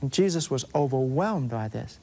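A man with a Southern US accent preaches a sermon as a Catholic preacher, earnestly explaining scripture and slowing down to emphasize references. His voice is medium in pitch and warm, with lively intonation.

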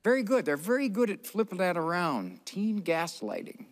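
A man's voice: sits high, wildly swooping pitch, moderate pace. A man giving a live parenting talk on stage, teasing audience volunteers and chuckling as he goes. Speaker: parenting speaker. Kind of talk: live seminar talk with audience role-play.

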